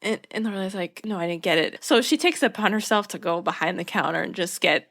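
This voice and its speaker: A woman with a lowish, gravelly voice talks fast as she co-hosts a podcast. She recaps a TV episode in casual chat, animatedly acting out the characters' lines and laughing.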